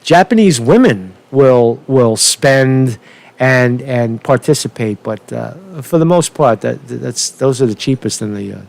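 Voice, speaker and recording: A man ranting unscripted on a political commentary vlog, profane and rambling, with halting restarts, repeated words, and a constant "right?" tag. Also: medium pitch, expressive, gravelly, darkish tone. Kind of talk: unscripted rant.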